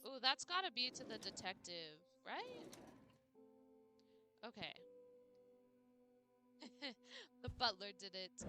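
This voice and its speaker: A woman's voice: fairly high pitch, big pitch swings, slow, long pauses, over music. A woman streamer chatting casually and playfully with her chat during a game, breaking into baby talk for her dog.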